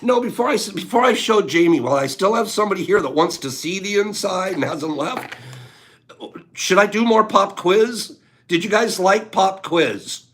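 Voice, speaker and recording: A man's voice: sits high, animated, normal speed, fairly bright tone. A man hosting a casual livestream, joking with viewers, laughing often and greeting the chat by name. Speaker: livestream host.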